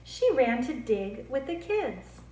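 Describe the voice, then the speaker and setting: A woman speech therapist reading picture books aloud to children, slow, clear and expressive. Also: fairly high pitch, slight background noise. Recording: roomy echo.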